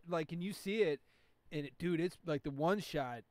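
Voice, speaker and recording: A man's voice: fairly high pitch, normal speed, no echo. A man hosting a podcast in casual chat, rambling and profane, with lots of filler words. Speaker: podcast host.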